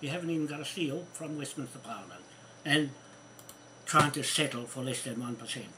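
A man's voice: medium pitch, normal speed, bright, forceful tone, a little hiss or hum, poor audio. A man delivering an angry, swearing rant to camera, repeating himself as he fumes. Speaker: vlogger. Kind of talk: angry ranting monologue.

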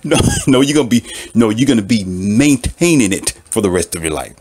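A man giving relationship advice in a casual monologue to listeners, preachy and animated, often laughing at his own points and piling up rhetorical questions. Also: lowish voice, a little fast, husky.

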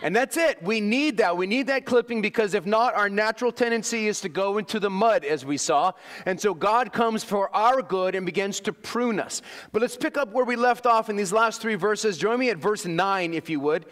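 A man's voice: sits high, normal speed, fairly bright tone, big-room sound. A man preaching a sermon as pastor, emphatic, asking the congregation for an "amen" now and then. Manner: emphatic preaching with call-and-response asides.

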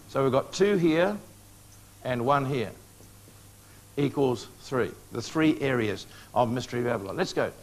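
A man preaching a prophecy lecture to a live audience, coaxing responses with questions and joking asides. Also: medium pitch.

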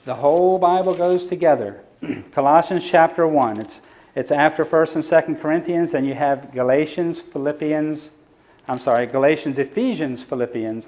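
A man's voice: fairly high pitch, a little mellow. A man preaching in a church, teaching the audience in a conversational lecture style and asking them questions. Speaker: evangelist.

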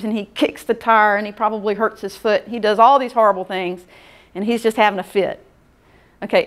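A middle-aged woman giving a casual workshop lecture, folksy and conversational, often checking in with the audience. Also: medium pitch. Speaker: workshop presenter.

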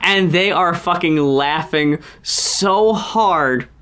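Slow-talking woman gushing as she retells a scene. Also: lowish voice, clear, resonant tone. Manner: gushing, excitable storyteller. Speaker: podcast co-host. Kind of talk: casual chat.

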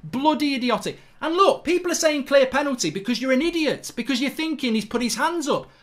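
A man's voice: extremely high pitch, expressive, brisk, a bit bright. A man hosting a football fan channel, ranting heatedly and swearing through a live match reaction.

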